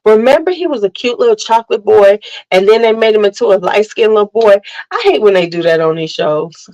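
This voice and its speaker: A woman hosting a casual livestream, telling animated family stories, laughing often and greeting viewers by name. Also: medium pitch, a little fast, poor audio. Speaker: livestream host chatting with viewers. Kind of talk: casual chat.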